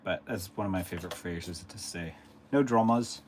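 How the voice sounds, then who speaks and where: Low-voiced man chatting on a live stream. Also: level tone, fairly quick, a little hiss or hum. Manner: rambling and chatty, reading out and answering chat. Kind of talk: casual live-stream chat with viewers.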